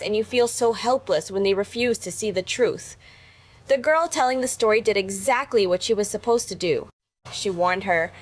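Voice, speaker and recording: A woman giving polished, scripted commentary on a story, indignant in tone. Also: mid-range voice. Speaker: channel host commenting.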